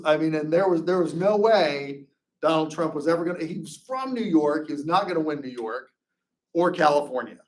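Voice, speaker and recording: A man's voice: a little high, recorded from a distance. Chatty man lecturing. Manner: chatty, anecdotal, loose storytelling. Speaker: instructor. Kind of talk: informal classroom lecture.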